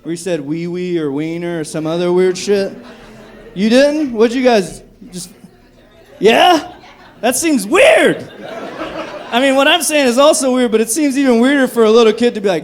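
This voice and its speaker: High-voiced man doing stand-up comedy. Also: moderate pace. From Texas. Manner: profane, dark, self-mocking jokes. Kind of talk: live stand-up set. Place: comedy club stage. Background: audience laughter.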